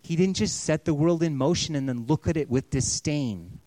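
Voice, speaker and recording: A man's voice: fairly high pitch, moderate pace, no room sound. Pastor, male, 30s, earnest storyteller, dry close sound. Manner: earnest, storytelling, often softening to a hush. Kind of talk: sermon.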